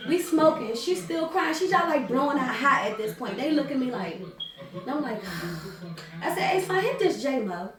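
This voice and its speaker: Young woman, DC area accent, high voice, animated slangy storytelling, profane, distant echoey mic, crowd noise. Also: a little fast. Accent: Washington DC area. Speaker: vlogger telling a story with her twin. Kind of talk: storytime vlog.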